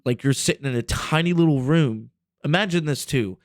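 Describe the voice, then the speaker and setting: This podcast host, a man in his twenties, has a slightly high voice and talks at normal speed in a studio-quality recording with no room sound. On his casual show he spins a rambling story full of profanity.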